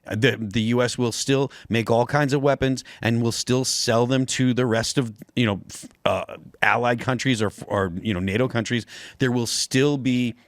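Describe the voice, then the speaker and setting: A man's voice: medium pitch, steady tone, moderate pace, no echo. Hesitant man, dry studio mic. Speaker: podcast guest. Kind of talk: casual political talk show chat.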